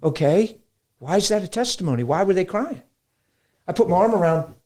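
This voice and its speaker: Animated middle-aged male preacher. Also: sits high, fairly quick. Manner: animated storytelling, acts out quotes. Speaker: pastor guest. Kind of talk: conversational preaching.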